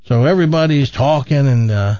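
A man hosting a radio show, telling a long joke in a drawn-out storytelling way. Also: mid-range voice, mellow, no echo. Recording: slightly dull radio audio, dry.

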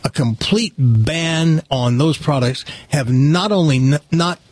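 A man's voice: fairly high pitch, slow pace, darkish tone, dry recording. A man hosting a talk show, chatting with cohosts and telling a long joke in a sardonic, rambling manner. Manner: chatty, sardonic, stumbles and restarts. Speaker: radio show host.

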